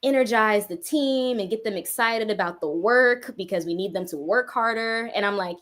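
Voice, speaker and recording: A young adult woman, a guest music artist in a casual interview, telling her story with lively animation. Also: medium pitch, moderate pace, hardly any pauses.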